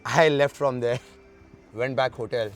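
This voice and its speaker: A man from India, an interview guest telling travel stories in a lively way and acting out the dialogue. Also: medium pitch, measured pace. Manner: lively storyteller who acts out the dialogue. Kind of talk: storytelling in an interview.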